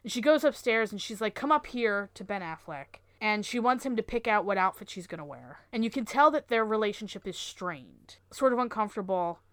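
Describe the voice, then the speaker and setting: A woman co-hosting a podcast talks casually about a film, walking through its scenes step by step. Her voice sits at a middle pitch for a woman. It is recorded dry and close. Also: lively intonation, fairly quick, hardly any pauses, fairly bright tone, no room sound. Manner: conversational, recounts scenes with "she's like". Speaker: podcast co-host.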